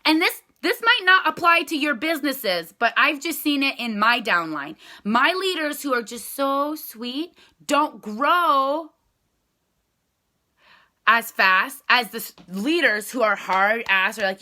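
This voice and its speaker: Brief: bright, rambling woman, sales team leader talking straight to her viewers, voice sits a bit high. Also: expressive, slow. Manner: chatty, rambling, addresses viewers directly. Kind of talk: casual live chat to viewers.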